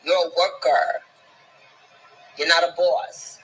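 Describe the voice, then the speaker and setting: A woman's voice: fairly low pitch, steady tone, slow pace, slightly rough, low-quality recording. A woman, ranting scornfully at someone, swearing constantly and stumbling over repeated words when she gets heated. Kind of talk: profane ranting monologue.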